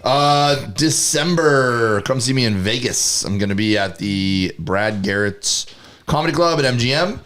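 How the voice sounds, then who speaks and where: A man's voice: mid-range voice, expressive, a little slow, a bit bright. A man co-hosting a comedy podcast, telling rambling stories and plugging his tour dates. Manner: rambling storyteller, self-correcting. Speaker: stand-up comedian co-host. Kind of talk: casual podcast banter.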